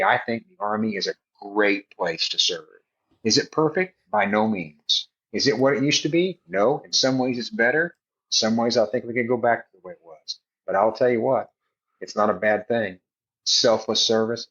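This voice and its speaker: A man's voice: medium pitch, fairly bright tone, dull audio. A middle-aged man, an army chaplain, telling stories in an earnest, folksy, emphatic way on a podcast. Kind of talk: casual podcast storytelling.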